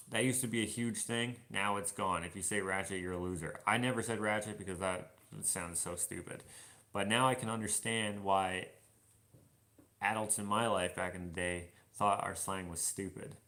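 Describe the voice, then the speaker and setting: A man's voice: fairly low pitch, fairly even intonation, moderate pace, sharp tone. A young man doing a casual live Q&A while washing dishes in his kitchen. He rambles, reads viewer comments aloud and muses on them. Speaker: vlogger answering live questions.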